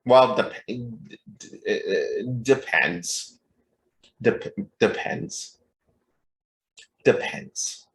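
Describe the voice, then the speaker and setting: A man's voice: mid-range voice, lively intonation, very slow, pauses often, fairly bright tone. A young man co-hosting a podcast in casual chat, joking and profane, rambling from one point to the next. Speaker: podcast co-host.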